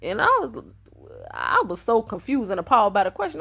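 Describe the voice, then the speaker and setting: A woman's voice: mid-range voice, very animated, fairly quick, gravelly, a bit bright, slightly rough. A woman telling a personal story on her vlog in a casual, blunt and profane way. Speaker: vlogger.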